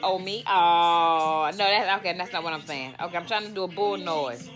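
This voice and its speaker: A woman's voice: fairly low pitch, a little fast, music in the background. A young woman in a casual home video, playfully coaxing her baby to make animal noises and laughing often. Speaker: vlogger playing with her baby. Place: home room.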